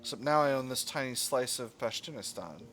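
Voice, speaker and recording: A man's voice: medium pitch, lively intonation, fairly quick, a bit bright, soft background music. A man hosting a gaming channel, musing and rambling with fillers as he comments on a strategy game.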